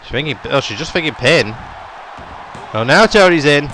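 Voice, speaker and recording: Young male gaming YouTuber, slightly high voice, play-by-play caller who gets loud on big moments, faint background hiss. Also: moderate pace, some chatter behind. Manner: running commentary, rising to excited shouts on big moves. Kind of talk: play-by-play game commentary.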